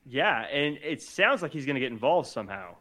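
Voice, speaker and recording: Bright-voiced man in casual wrestling chat. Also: mid-range voice, sing-song, brisk. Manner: easygoing, laughs often. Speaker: podcast co-host.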